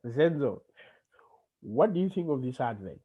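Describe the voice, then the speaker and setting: A man's voice: medium pitch, big pitch swings, a little slow, husky, narrow, tinny audio. A male teacher running a class discussion, explaining terms and asking questions with frequent okays.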